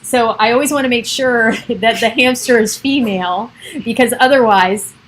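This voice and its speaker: A woman's voice: on the high side, normal speed, a little hiss or hum. A middle-aged woman chatting on a casual home livestream, giggly and wandering off topic. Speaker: realtor livestreaming to followers. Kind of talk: rambling casual livestream chat.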